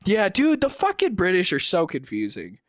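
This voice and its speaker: A man's voice: high-pitched, wildly swooping pitch, moderate pace, fairly bright tone, dry recording, studio quality. A man co-hosting a podcast in casual chat, joking and laughing often. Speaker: podcast co-host.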